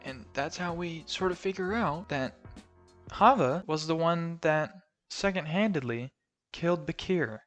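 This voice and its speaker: A man casually talking through a film's plot in a rambling review, full of fillers and sudden loud exclamations. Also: a little high, expressive, measured pace, faint music behind. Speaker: movie reviewer. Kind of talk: casual spoken film review.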